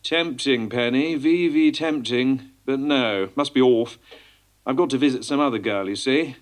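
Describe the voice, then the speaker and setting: Brief: man as a flirty, smarmy gent, posh drawl, medium pitch. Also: unhurried, close to an everyday voice.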